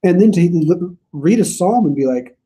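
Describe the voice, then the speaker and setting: A man's voice: sits high, expressive, moderate pace, mellow, slightly rough. A man leading a church Bible study in a casual, musing way, reading scripture aloud with emphasis between his own remarks. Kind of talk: conversational Bible study teaching. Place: church meeting room.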